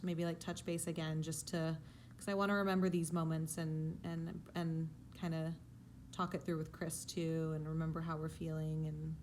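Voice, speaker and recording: A woman's voice: on the low side, darkish tone, slight background noise. A young woman vlogging casually to a handheld camera, chatty and full of fillers, gushing with feeling. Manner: chatty, with many fillers and restarts; gushing and tearful over baby things. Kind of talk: casual vlog chat.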